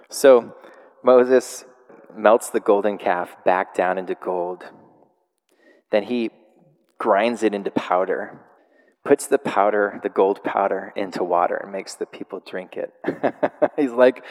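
A man preaches in a loose, chatty manner, retelling an old story with plenty of laughter. His voice sits a little low. The sound carries a long reverb, as in a big hall. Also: normal speed. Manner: casual, animated storytelling with laughs. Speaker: pastor. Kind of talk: sermon.

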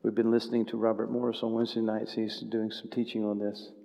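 A married pastor with a fairly low, creaky voice talks fast and completely flat while preaching a sermon in a church sanctuary, the long hall reverb trailing his words. He alternates conversational moments and repeated calls to his congregation with a build toward loud, impassioned exhortation.

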